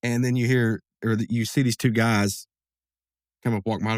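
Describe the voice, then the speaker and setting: A man's voice: mid-range voice, fairly even intonation, normal speed, dry recording, clean studio sound. A man casually recapping an episode as a podcast host, rambling with lots of fillers and asides.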